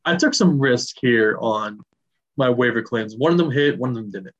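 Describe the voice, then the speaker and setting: A man's voice: mid-range voice, lively intonation, moderate pace, lo-fi sound. A man co-hosting a casual podcast, swearing freely and ranting about his league mates. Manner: profane, heated ranting. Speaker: podcast co-host.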